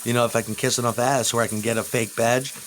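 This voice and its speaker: A man in a rambling, crude monologue vlog, swinging between loud outbursts and low mutters, recorded at home. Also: flat delivery, fast, slight background noise, low-quality recording.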